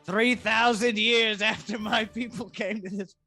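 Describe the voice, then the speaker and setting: Guy doing a slow gloating villain boss, bright edgy voice, music faintly under it. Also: high-pitched, fairly even intonation, no room sound, pitched above the performer's own voice, exaggerated voice. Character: Rocco, a sinister laughing crime boss.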